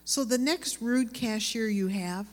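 A woman teaching a sermon to women, with earnest, lively storytelling. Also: fairly high pitch, measured pace, big-room sound.

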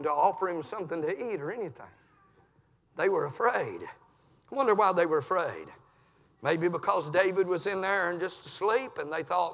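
High, gravelly preacher. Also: male voice, big-room sound. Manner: swings from low murmurs to shouted peaks, frequent "uh". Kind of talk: impassioned sermon. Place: church.

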